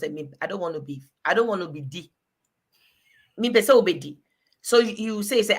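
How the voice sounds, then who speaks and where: A woman's voice: medium pitch, lively intonation, normal speed, bright, forceful tone. A woman in her forties chatting frankly as host, laughing often and switching languages mid-sentence. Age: 40s. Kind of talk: casual chat.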